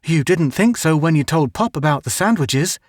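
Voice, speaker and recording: Man playing a young boy, earnest, clever, quick, raised pitch, dry sound. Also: lively intonation, no room sound.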